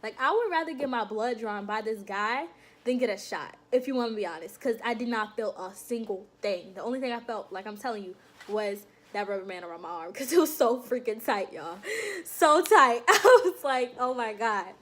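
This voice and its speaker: A young woman vlogging to her viewers in a casual, animated storytelling way, laughing often and calling them y'all. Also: medium pitch, fairly quick. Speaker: vlogger recounting her enlistment processing.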